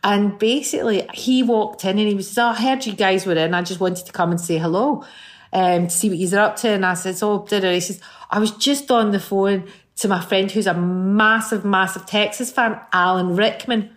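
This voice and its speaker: A middle-aged woman with a Scottish accent, chatting as a guest and telling lively stories, acting out what people said. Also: medium pitch, moderate pace. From Scotland. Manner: lively storyteller who acts out quotes. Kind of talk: casual chat.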